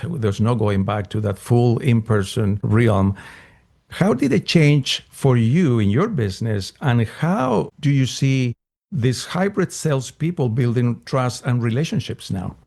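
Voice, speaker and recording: Podcast host asking long questions. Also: male voice, mid-range voice, lively intonation, a little slow, vocal fry, a little mellow. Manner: asks long framing questions with fillers. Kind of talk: interview.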